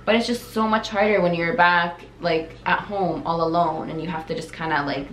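A woman's voice: on the low side, fairly even intonation, normal speed, fairly bright tone. A young woman from Canada chatting casually with her viewers, full of "like" and "you guys". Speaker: vlogger. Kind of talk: casual chat. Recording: echoey room with faint noise.

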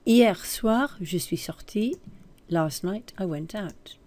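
A woman's voice: mid-range voice, takes it slowly, a little mellow. A woman teaching French, reading short sentences and then translating and commenting on them, with asides where she corrects herself. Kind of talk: recorded language lesson.

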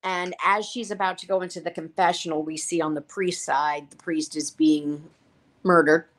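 Woman co-host, lower register, chatty rambling recap style. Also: steady tone, moderate pace. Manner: rambling retelling with many fillers and quoted lines. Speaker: podcast co-host reviewing a TV series. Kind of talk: casual episode recap.

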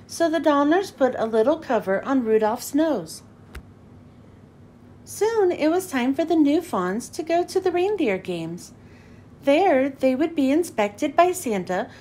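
A woman reading a children's picture book aloud in an expressive, sing-song storytelling way. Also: sits high, slight background noise.

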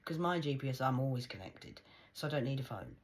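Very husky woman, half-whispering. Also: extremely low pitch, expressive, fast talker, poor audio. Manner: drifts between hushed whispers and sudden loud outbursts; swears freely, conspiratorial tone. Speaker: vlogger. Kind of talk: rambling monologue to camera.

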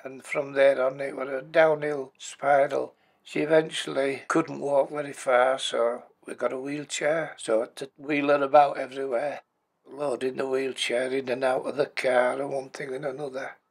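Gravelly old man. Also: medium pitch, flat delivery, moderate pace. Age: 80s. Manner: plain-spoken, matter-of-fact, blunt everyday words. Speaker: bereaved husband and former carer. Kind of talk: personal life story told for a documentary.

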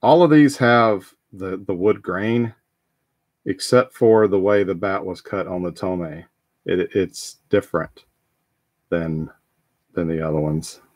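A man's voice: deep voice, slow, dry recording, studio quality. A man hosting a live trading card break, talking casually and rambling with frequent ums and restarts.

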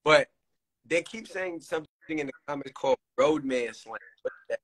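A man from the United States hosting a casual interview, blunt and relaxed, with plenty of slang and swearing. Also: a little high, moderate pace, low-quality recording. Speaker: host.

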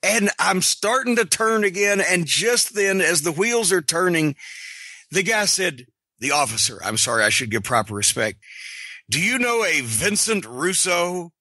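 A middle-aged man hosting a podcast, telling a story in an animated, profane, sarcastic way. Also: high-pitched, normal speed, no room sound. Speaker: podcast host.

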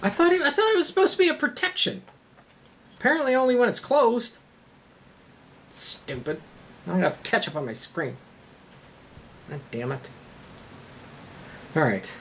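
A gaming channel host doing let's-play commentary, swearing and yelling at the game in frustration. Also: medium pitch, sing-song, normal speed, long pauses, a little hiss or hum.

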